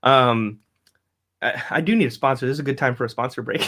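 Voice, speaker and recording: A man's voice: medium pitch, brisk, fairly bright tone. A man, hosting a casual live-stream podcast, rambling, cursing and laughing often as he reads out viewer comments. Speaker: podcast host.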